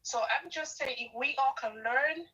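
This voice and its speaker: A woman's voice: sits high, moderate pace, bright, forceful tone, distant mic, rough recording. A woman calling in to a live show, speaking earnestly and emphatically, often repeating words for stress. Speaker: caller. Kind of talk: casual call-in testimony.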